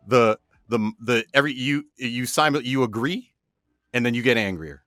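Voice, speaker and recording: A man co-hosting a podcast in casual banter. He is animated, stumbles through restarts, and sometimes slows into a dramatic delivery. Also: medium pitch, faint music behind. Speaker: podcast co-host.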